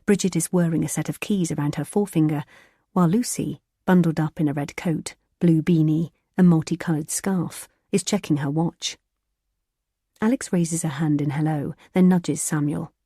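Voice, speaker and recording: A woman narrating a thriller audiobook in a measured, even storytelling manner. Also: deep voice, husky, no echo, studio quality.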